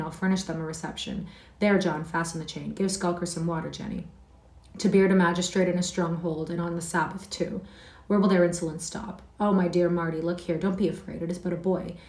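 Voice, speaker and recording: Woman reading a pompous, blustering old gentleman-magistrate; low, roomy. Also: steady tone, a little fast, lightly acted. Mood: indignant. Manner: pompous, indignant. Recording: roomy sound from a distant mic.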